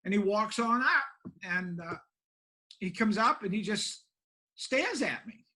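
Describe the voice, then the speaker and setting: An older man spins a folksy yarn as a country pastor, plainspoken and quick to poke fun at himself. His voice sits high for a man and rings bright and clear. He talks like a down-home storyteller sitting across from an interviewer. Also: lively intonation, rough recording. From Maine, USA. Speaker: pastor and homeless shelter director.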